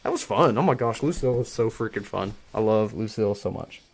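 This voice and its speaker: Excitable man reading a story live. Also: lowish voice, fairly quick, vocal fry, breathy edge. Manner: excitable, giggly, chatty. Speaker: host reading a story aloud. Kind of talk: live casual reading with chat.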